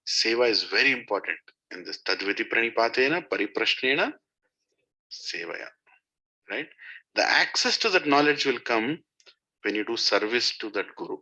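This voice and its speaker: A man's voice: mid-range voice, lively intonation, normal speed, bright, forceful tone. A man giving a devotional talk to a satsang group, telling stories and asking his listeners questions. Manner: storytelling, asks listeners questions. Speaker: spiritual teacher. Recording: dull lo-fi recording.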